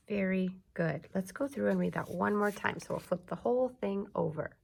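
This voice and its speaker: A woman teacher leading an early reading lesson for young children, speaking slowly and clearly and drawing out her words. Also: medium pitch, a little mellow. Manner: slow, clear teacher talk with drawn-out words.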